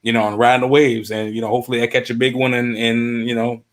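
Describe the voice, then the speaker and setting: A man from the US East Coast, chatting as a roundtable guest, halting and searching for words with many fillers. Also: mid-range voice, flat delivery. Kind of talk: casual chat.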